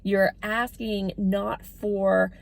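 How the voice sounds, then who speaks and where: A woman's voice: mid-range voice, flat delivery, drawn-out words, creaky. A woman talking casually as a dementia care educator, chatty and lifting her voice when she acts out what people say. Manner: chatty, acts out quoted phrases in a lifted voice.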